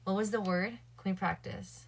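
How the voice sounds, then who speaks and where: A woman's voice: medium pitch, fairly even intonation, moderate pace. A woman livestreaming late at night, chatting casually with her viewers and thinking aloud. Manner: chatty, addresses her viewers and chat directly.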